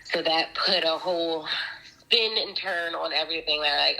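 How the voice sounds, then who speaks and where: Woman, low and bright, telling a rambling personal story on a podcast. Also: normal speed, creaky, low-quality recording. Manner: chatty, rambling, many fillers and restarts. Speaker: guest. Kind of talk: casual storytelling interview.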